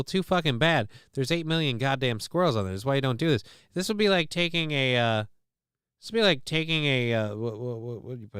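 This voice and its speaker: Clear-voiced sarcastic man hosting a livestream. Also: medium pitch, fairly bright tone, no room sound, clean studio sound. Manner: profane, sarcastic, rambling. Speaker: livestream show host. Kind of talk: casual livestream chat.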